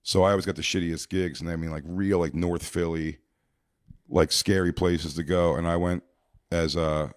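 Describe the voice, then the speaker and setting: A man with a very deep voice tells a crude, rambling story as a podcast guest, backing up and restarting as he goes. The sound is dry and close, with no room echo at all. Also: steady tone, normal speed. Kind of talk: casual storytelling.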